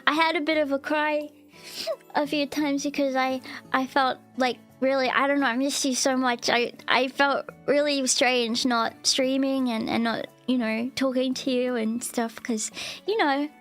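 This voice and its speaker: A high-pitched woman chatting on a live stream, giggling often and gushing over her viewers. She talks loosely and repeats lines as she goes, with faint music underneath. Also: steady tone, a little slow, a bit bright. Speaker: VTuber streamer. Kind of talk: casual live-stream chat.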